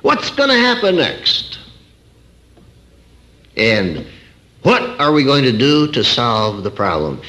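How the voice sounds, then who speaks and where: A man's voice: mid-range voice, wildly swooping pitch, takes it slowly, long pauses, sharp tone. A middle-aged man preaching a sermon, telling a personal anecdote in a folksy way with wry humor and rhetorical questions to his listeners. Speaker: preacher and counselor.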